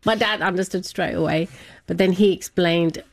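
This interview guest has a lowish voice with fairly even intonation and talks at a moderate pace. In a relaxed, chatty way, she shares a family story of her own, frequently laughing and performing the quotes of the people involved.

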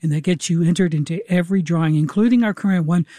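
A man's voice: a little high, fast talker, dark tone, dry recording, clean studio sound. A male radio host making an affable, persuasive on-air fundraising appeal. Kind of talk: pledge-drive appeal.

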